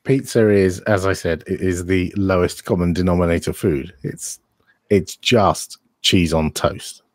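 Male co-host, very deep voice, dry close sound; relaxed, plain-spoken. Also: unhurried, dry recording. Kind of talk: casual live-stream chat.

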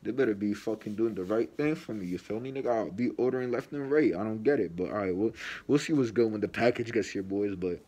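A man's voice: fairly low pitch, fast, dark tone, husky. A young man vlogging an unboxing, ranting in slangy, profane casual talk while he is sick.

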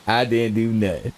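A man's voice: lowish voice, a little hiss or hum. A young man streaming a role-play game, chatting casually, telling stories in slangy, profane talk and laughing often. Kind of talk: casual gameplay chat.

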